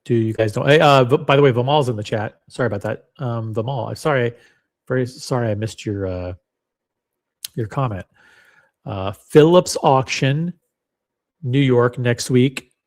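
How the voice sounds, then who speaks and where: A man's voice: mid-range voice, moderate pace, pauses often, a little mellow. A man hosting a casual livestream, rambling and joking at his own expense as he chats to viewers. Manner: rambling, joking, self-deprecating. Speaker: livestream host.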